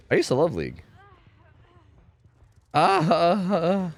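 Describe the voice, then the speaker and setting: A man's voice: medium pitch, sing-song, measured pace, pauses often, a bit bright. A young man streaming a game, chatting casually and rambling through answers to chat, often stumbling and repeating words.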